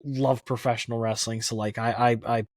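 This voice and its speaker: A man's voice: medium pitch, a little fast, dry recording, clean studio sound. A man guest on a podcast, telling stories in a casual, rambling way, full of "like" fillers. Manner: rambling, many "like" fillers, animated retelling. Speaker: podcast guest, country music historian. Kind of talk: casual conversational storytelling.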